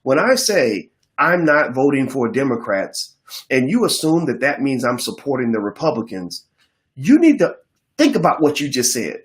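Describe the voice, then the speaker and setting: A middle-aged man giving an animated political commentary monologue, emphatic and repeating his phrases as he builds a point. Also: mid-range voice, moderate pace. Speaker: commentary host.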